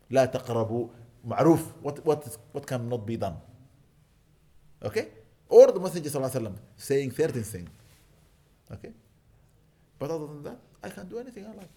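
A man's voice: medium pitch, sing-song, fast talker, pauses often, warm tone. A man preaching as a sheikh and teacher. He recites lines in Arabic and explains them in English, and he stresses his points with repeated "okay?". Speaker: sheikh and teacher at an Islamic school. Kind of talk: religious lecture.

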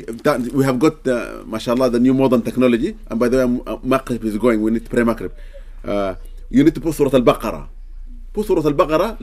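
An earnest man gives religious guidance in a relaxed question-and-answer session. He speaks at an ordinary pitch and keeps checking that his listeners follow him with a quick "okay?" between points. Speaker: Islamic teacher answering questions. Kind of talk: casual religious Q&A talk.

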